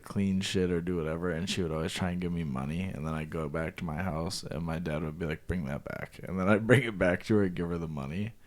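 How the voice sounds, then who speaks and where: This is a young man with a very low voice chatting on a talk show. He talks loosely and swears often, with "dude" sprinkled everywhere. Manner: loose and profane, says dude a lot. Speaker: podcast co-host. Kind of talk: casual chat.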